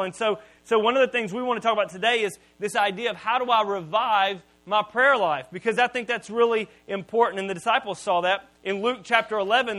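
A man with a high, bright voice preaches. He tells stories in an animated way, often restarting his sentences. His tone stays bright and forward throughout. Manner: animated storytelling with repeated restarts. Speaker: pastor. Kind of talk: sermon.

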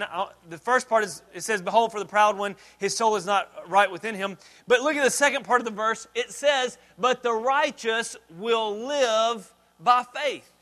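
A man with a high, bright voice delivers a sermon in a church. He talks conversationally, stumbling over restarts and then rising to quote verses. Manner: conversational preaching, frequent restarts, quotes scripture. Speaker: pastor. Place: church sanctuary.

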